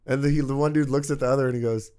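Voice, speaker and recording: A man from Canada, a podcast guest, telling a profane, animated story and acting out the voices of the people in it. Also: medium pitch, racing, smooth. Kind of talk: casual storytelling.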